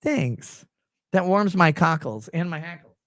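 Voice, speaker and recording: Young man, fairly high voice, rambling crude jokes, dry close mic. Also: animated, a little slow, fairly bright tone, dry recording. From Minnesota. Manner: rambling, crude and joking, with frequent fillers. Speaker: livestream host. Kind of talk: casual livestream chat reading super chats.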